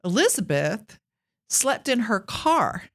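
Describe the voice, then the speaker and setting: Woman host telling a testimony story, lively and laughing, acting out the people she quotes. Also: on the high side, takes it slowly. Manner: animated, laughing often, jumping into quoted voices. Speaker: ministry host.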